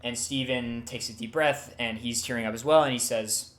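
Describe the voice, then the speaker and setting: A man's voice: medium pitch, fairly even intonation, normal speed, a bit bright. Man narrating a tabletop game. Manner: dramatic storytelling, hesitant restarts. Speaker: game master. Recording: roomy echo, faint music.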